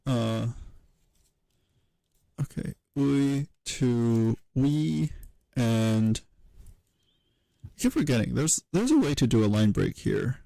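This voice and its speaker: A man giving a casual livestream tutorial, thinking aloud at his computer in a halting way, with many fillers and self-corrections. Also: mid-range voice, animated, creaky, dark tone, dry recording, rough recording. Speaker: streamer teaching historical linguistics.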